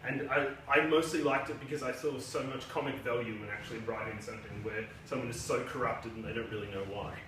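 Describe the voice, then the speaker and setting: A man's voice: mid-range voice, fairly even intonation, fast, few pauses, recorded from a distance, noisy background. Chatty male author, very echoey room. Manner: casual, self-deprecating, chatty asides. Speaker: debut novelist. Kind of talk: book launch speech and reading.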